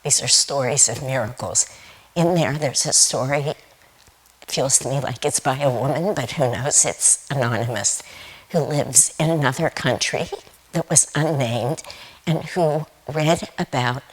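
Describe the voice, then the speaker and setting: A woman giving a Sunday sermon, reading scripture quotes in a slow, tender way. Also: extremely low pitch, breathy edge, low-quality recording. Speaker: guest speaker at Sunday service.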